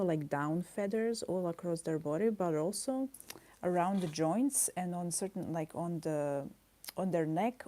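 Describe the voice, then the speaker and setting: A woman with a low, warm, mellow voice talks casually on a stream while drawing at her desk. She rambles softly, thinking aloud and searching for words with small pauses. Her voice is caught by the camera's own microphone. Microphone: camera mic.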